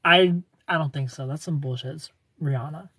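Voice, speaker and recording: Brisk and sharp-toned, a fairly high male voice with no room sound belongs to a young livestream host. He welcomes viewers, reacts to chat comments, and rants, swearing freely and laughing often.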